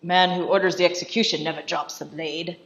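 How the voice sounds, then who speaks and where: A woman's voice: on the low side, steady tone, fairly quick, close to an everyday voice. A woman quoting an imprisoned male aristocrat writer in a mocking, theatrical way during a casual film recap.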